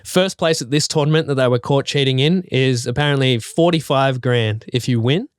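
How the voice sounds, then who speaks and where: A man's voice: mid-range voice, fairly quick, smooth, dry recording, clean studio sound. A man co-hosting a podcast in casual chat, telling a news story loosely with lots of "like" and "you know". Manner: relaxed storyteller, many "like" and "you know" fillers. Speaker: podcast co-host.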